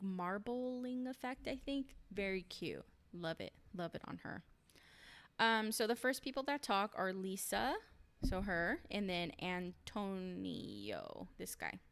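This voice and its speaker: A young woman vlogs a casual recap of a show, trading ums for punchy slang and quick opinions. Her voice sits at a plain middle pitch, relaxed and conversational. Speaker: reality show recap vlogger.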